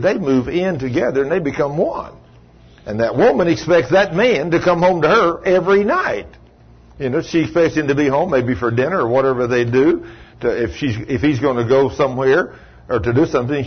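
A man preaching a sermon in a folksy storytelling manner, acting out quoted voices and swinging from low murmurs to sudden high cries. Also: husky. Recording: dull lo-fi sound.

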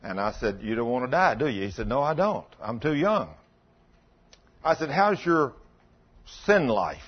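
A man preaches a sermon in a very animated, breathy voice at normal speed, captured in dull lo-fi sound. He tells folksy stories, acts out the dialogue, and drops into low, intense tones.

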